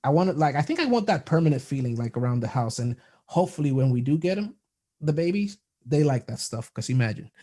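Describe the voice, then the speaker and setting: Young male podcast guest, mellow and slightly high voice, enthusiastic and quick to laugh. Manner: enthusiastic storyteller, laughs a lot, animated quoting of others. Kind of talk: casual interview chat.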